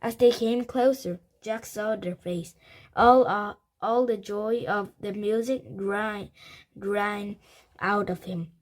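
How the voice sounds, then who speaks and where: A woman reading a children's chapter book aloud, slowly and carefully, with slips she corrects. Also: mid-range voice, steady tone.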